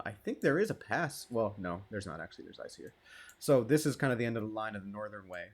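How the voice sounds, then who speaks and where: Laid-back low-voiced man playing a game. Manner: laid-back, rambling and joking, with frequent swearing. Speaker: gamer. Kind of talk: casual gameplay commentary.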